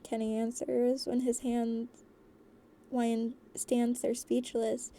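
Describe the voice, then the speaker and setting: Woman narrator for a fan story, lively and giggly, warm and a bit high. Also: measured pace. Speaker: voice actor reading a story.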